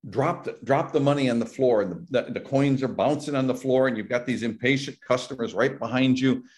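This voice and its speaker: A man's voice: medium pitch, brisk, darkish tone. Man explaining therapy research on a call. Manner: explanatory, acts out patients' worried voices, many restarts. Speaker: psychology professor. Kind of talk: academic panel talk. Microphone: video call.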